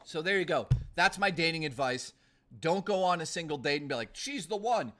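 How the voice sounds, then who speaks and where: Streamer, young guy, slightly high-pitched voice; blunt, sweary, rambling live chat. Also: expressive, fairly quick, pushed and bright. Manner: blunt, profane, ranting and rambling.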